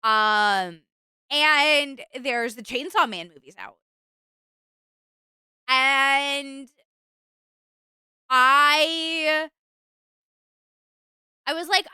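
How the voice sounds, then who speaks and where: A young woman streamer chatting casually with her viewers, rambling and animated. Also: sits high, slow, long pauses, no room sound. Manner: chatty, rambling, animated, with fillers and bursts of exasperation.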